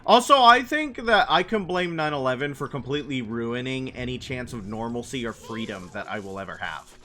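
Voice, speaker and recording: A man's voice: medium pitch, lively intonation, normal speed, bright, forceful tone. A young man chatting casually while streaming a game, rambling and answering his chat's messages. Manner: meandering, answers chat messages aloud. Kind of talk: casual gaming livestream chat.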